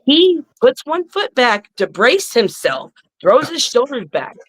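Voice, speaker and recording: Animated, foul-mouthed woman telling stories. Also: high-pitched, slow pace, slight background noise, rough recording. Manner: animated storyteller who curses freely. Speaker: guest, professional wrestler. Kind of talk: casual podcast chat.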